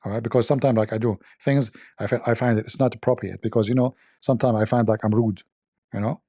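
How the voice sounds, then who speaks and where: A man's voice: medium pitch, steady tone, quick pace, warm tone, dry recording, studio quality. A man hosting a mocking commentary on religion, sarcastic, repeating his phrases and laughing at his own jokes. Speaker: show host.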